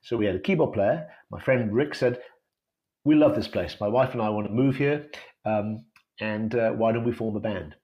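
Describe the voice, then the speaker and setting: At normal speed and in a voice on the low side, a guitarist from Wales chats casually as a guest in an interview, with the highs cut off in the audio. His talk rambles, full of fillers and restarts.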